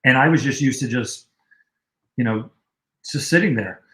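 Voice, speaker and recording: A man's voice: medium pitch, normal speed. Man telling rambling stories, roomy echo. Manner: relaxed, rambling anecdotes with fillers. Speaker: guest, music video director. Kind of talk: casual storytelling on a livestream.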